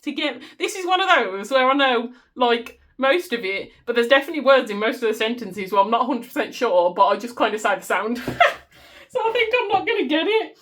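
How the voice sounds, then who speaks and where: Her voice runs on the high side, very animated, fairly quick and fairly bright. She's a West Midlands budgeting vlogger with a Black Country accent, casually chatting, humming tunes and laughing at herself while she cash stuffs.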